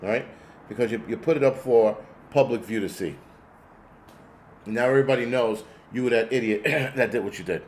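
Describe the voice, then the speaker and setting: A man's voice: mid-range voice, moderate pace, long pauses, a little mellow, slight background noise. A man hosting a show, ranting bluntly and sarcastically with plenty of profanity while answering viewer comments. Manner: sarcastic, exasperated. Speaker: host. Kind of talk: ranting commentary reading chat.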